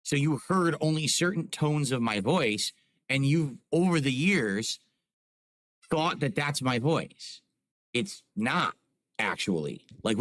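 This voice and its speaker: A man's voice: medium pitch, fairly bright tone. A man streaming from home, chatting casually to his live chat and explaining things with lots of "like" and "you know", close on a desk microphone. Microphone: close desk microphone on a boom arm.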